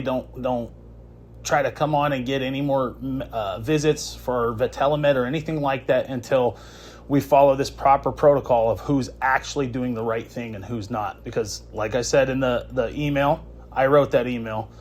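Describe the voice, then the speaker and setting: A man's voice: medium pitch, steady tone, moderate pace. A young man hosting a podcast, talking in a combative, preachy and taunting way. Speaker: podcast host. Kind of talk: heated phone confrontation and podcast intro.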